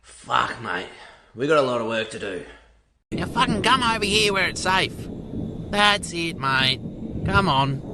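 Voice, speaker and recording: A man's voice: on the high side, very animated, unhurried, long pauses, a loud crowd. A man playing a swearing rowdy bloke. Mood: gruff pep talk. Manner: swears constantly, blunt and bossy. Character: foul-mouthed rowdy Australian bloke, pushy mate. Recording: noisy background.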